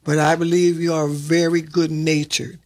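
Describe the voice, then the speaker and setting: A man's voice: on the high side, little pitch movement, moderate pace, darkish tone, lightly acted. A man voicing a kind, honest young woman in a storybook read-aloud, reading earnestly.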